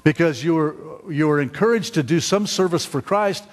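A middle-aged man preaching a sermon as pastor, halting and repeating words, often asking the congregation questions. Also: on the high side, lively intonation, long reverb tail. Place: church sanctuary.

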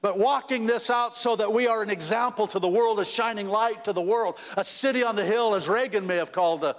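A man's voice: high-pitched, fairly quick. Man preaching in an echoing hall. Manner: conversational, repeats and restarts, rises to emphatic peaks. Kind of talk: sermon. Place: church sanctuary.

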